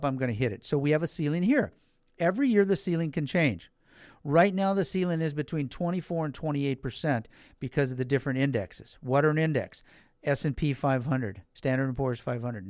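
Folksy man pitching financial products. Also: a little mellow, dry recording, clean studio sound. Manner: folksy, repeats points, talks directly to listeners; stresses key words for emphasis. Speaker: financial advisor. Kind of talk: informal sales explanation.

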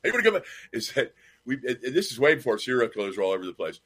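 Casual co-host, male, lively storyteller who plays all the parts. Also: mid-range voice, racing, slightly rough. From Nashville. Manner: animated storyteller, acts out quoted voices. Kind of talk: casual chat.

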